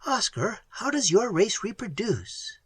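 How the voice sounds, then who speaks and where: Reader doing a young woman's voice, soft and higher, earnest and asking lots of questions, slow and breathy. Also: very animated, dry recording, exaggerated voice. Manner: pleading, questioning, softer and higher than the narration. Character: young woman space traveler, earnest and quick. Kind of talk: audiobook character voice.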